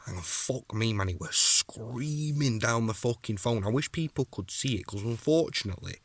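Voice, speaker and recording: A man's voice: medium pitch, animated, moderate pace, no room sound. A young man ranting angrily to camera at a rival, aggressive and sweary. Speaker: amateur fighter calling out a rival. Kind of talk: angry rant to camera.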